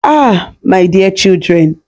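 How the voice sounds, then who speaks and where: A woman voicing a kind, loving old village grandmother who talks warmly and slowly in a storybook tale. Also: mid-range voice, animated. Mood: warm teasing. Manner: warm, teasing, slow.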